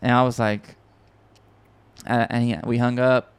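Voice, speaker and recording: Excitable, rambling man with a smooth voice. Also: medium pitch, a little slow. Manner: excitable, rambling, swears often, many restarts. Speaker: podcast host and music producer. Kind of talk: casual storytelling chat.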